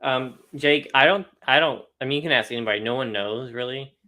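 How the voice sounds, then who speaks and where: A man's voice: medium pitch, fairly quick, bright, forceful tone. A young man co-hosting a casual, chatty talk about trading cards, laughing often. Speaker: co-host of a card collecting show. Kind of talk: casual chat.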